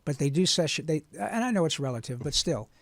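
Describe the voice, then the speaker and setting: A man's voice: fairly high pitch, quick pace, no echo. Earnest man telling his story, dry sound. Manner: earnest, animated, frank. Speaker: guest voice actor. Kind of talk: interview storytelling.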